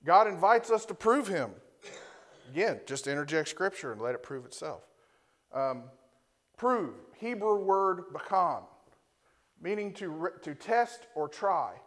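A man with a somewhat high-pitched voice preaching a sermon to his congregation. He explains the meaning of old words and keeps checking in with the room by asking "right?". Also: animated, measured pace, fairly bright tone. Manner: teaching, often ends points with a rhetorical "right?"; reads Scripture aloud and defines Hebrew and Greek words. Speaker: pastor. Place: church before a congregation.

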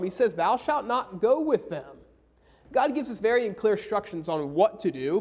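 A man preaching a sermon, slowing down hard on key phrases and reading scripture aloud. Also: high voice, a little mellow, slightly rough. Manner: emphatic, slows down for key phrases.

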